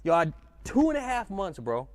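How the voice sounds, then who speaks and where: A man telling a story as a podcast guest, animated and swearing freely in casual chat. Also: high-pitched, moderate pace, no echo.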